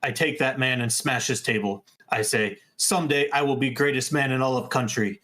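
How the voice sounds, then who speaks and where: A man's voice: mid-range voice, a little fast, fairly bright tone, natural voice. A man voicing a boastful, hot-tempered Russian immigrant, reading in a thick put-on Russian accent with broken grammar, as a comic dramatic reading.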